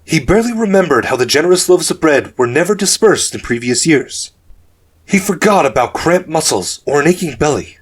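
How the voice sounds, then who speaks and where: A man narrating a dark fantasy audiobook in a measured storytelling manner. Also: a little high, animated, breathy edge.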